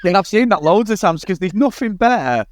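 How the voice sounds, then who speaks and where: Animated, higher-pitched man. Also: fairly quick. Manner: animated, sweary storyteller. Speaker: podcast co-host. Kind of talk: casual film review chat.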